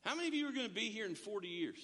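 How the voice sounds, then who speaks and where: A man's voice: high voice, expressive, very fast, a bit bright. A man in his fifties preaching a sermon in a church hall, in a conversational way that often repeats words as he starts a sentence. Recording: long hall reverb.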